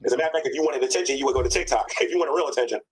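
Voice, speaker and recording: A man's voice: mid-range voice, rapid-fire, crowd noise, low-quality recording. A man hosting a casual livestream chat on an online call, joking and laughing often.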